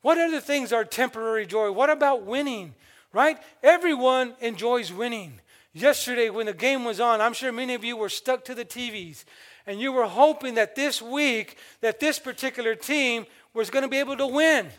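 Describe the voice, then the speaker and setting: A man's voice: very high voice, normal speed, fairly bright tone. An older man preaching a sermon, exhorting the congregation and calling out for amens. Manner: exhorting, calls for amens and asks the congregation questions.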